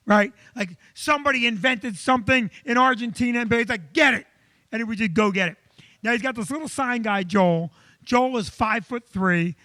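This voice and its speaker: A male comedian hosting a live show from a comedy club, telling stories in an animated, chatty way. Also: sits high, no room sound.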